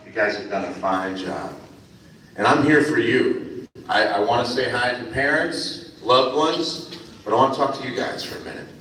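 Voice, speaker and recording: A middle-aged man from New Jersey giving a friendly, animated speech to students as a guest speaker at a school ceremony. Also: mid-range voice, moderate pace. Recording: echoey hall from far off, faint ambience.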